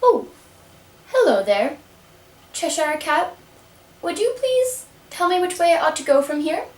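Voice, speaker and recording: Eager young puppet girl voiced by a woman, high lively pitch, distant echoey recording. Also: a little slow, heavily acted. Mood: polite. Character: polite curious young girl, earnest. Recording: roomy, mic set far off.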